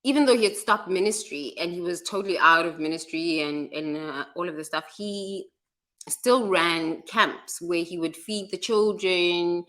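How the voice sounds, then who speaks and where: A woman from Africa, telling stories in a frank, lively chat, laughing often and swearing casually. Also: on the low side, normal speed. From South Africa. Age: adult. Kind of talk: candid storytelling chat.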